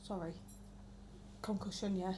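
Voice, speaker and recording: A woman's voice: mid-range voice, steady tone, measured pace, a loud crowd. A woman, chatting casually and telling stories with acted-out quotes and lots of swearing. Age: 20s. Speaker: podcast co-host. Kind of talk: casual chat.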